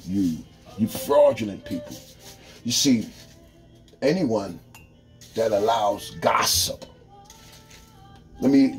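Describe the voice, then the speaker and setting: A man's voice: on the low side, a little mellow, low-quality recording. A man delivering a blunt, profane ranting monologue, swearing often and repeating words for emphasis.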